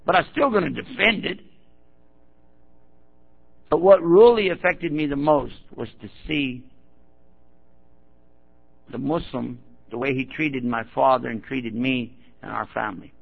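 A man preaching to a gathering, his voice gravelly and rough. He tells stories and acts out the people in them, and now and then he prods the listeners directly. The sound is thin and tinny, like a phone line. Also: medium pitch, measured pace, long pauses. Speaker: Muslim preacher. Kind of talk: storytelling talk to an audience.

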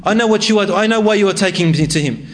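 A man's voice: fast talker, close to an everyday voice. A man voicing a terrified, pleading young man. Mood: anxious. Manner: pleading, high-strung. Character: frightened young man, sick and desperate.

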